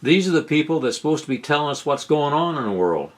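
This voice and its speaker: A middle-aged man giving sarcastic political commentary over video clips, incredulous and rising to loud outbursts. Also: on the high side, big pitch swings, fast talker. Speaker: commentary host.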